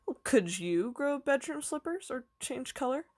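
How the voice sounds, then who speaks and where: A woman reading aloud voices a kindly, eccentric old male professor who explains things gently and patiently. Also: high voice, sing-song, a little slow, pitched above the performer's own voice, full character voice. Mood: warm, explaining.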